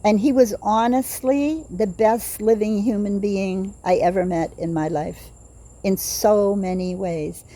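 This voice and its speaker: Crickets chirp behind this older woman, a vlogger speaking outside at night in a mellow, steady, mid-range voice. Her casual monologue of personal stories meanders, full of tangents and pauses.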